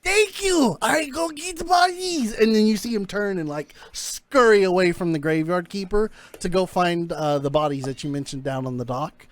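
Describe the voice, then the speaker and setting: A man's voice: fairly high pitch, moderate pace, hardly any pauses, dry recording. A man narrating a tabletop game as game master, chatty with many fillers.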